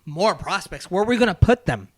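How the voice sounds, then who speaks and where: A man co-hosting a casual sports podcast, animated and acting out quotes as he talks. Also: high voice, fairly quick, breathy edge, no echo. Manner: animated, acts out quotes, trails off and restarts. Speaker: podcast co-host.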